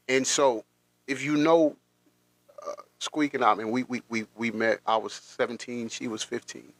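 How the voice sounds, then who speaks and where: A man hosting a podcast, telling a personal story in a halting, emotional way with many restarts. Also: medium pitch, a bit bright, no room sound. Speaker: podcast host.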